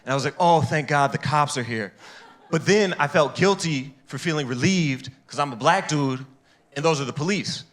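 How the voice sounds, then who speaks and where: A man with a higher-than-usual voice doing a stand-up set on a comedy stage. He tells his stories casually and jumps into shrill, loud voices for the people in them. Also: normal speed.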